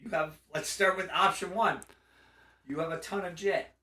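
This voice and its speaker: A man co-hosting a casual gaming chat, recapping a game with animated storytelling and funny put-on character voices. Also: high-pitched, normal speed, echoey room, recorded from a distance. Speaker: podcast co-host.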